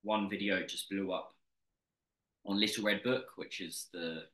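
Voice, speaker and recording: A man's voice: deep voice, unhurried. A man from the UK with a standard British accent, a guest telling stories energetically in a casual interview, often restarting his sentences. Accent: standard British English. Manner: energetic storyteller with frequent restarts. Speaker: podcast guest, content creator. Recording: roomy echo.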